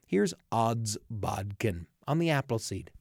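A man's voice: fairly low pitch, sing-song, slow pace, creaky, loud music behind the voice. A man hosting a storytelling show, introducing the stories in an upbeat, announcer-like read. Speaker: radio show host. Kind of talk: scripted host narration. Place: studio.

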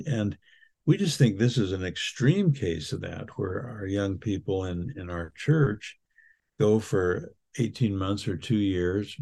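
Older man, gravelly low voice. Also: warm tone. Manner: earnest, storytelling, frequent restarts. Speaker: podcast co-host. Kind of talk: casual reflective chat.

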